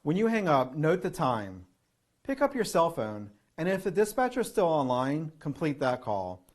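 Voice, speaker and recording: A man calmly giving security training, methodically reading through a checklist of questions. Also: fairly high pitch, moderate pace. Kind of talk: instructional narration.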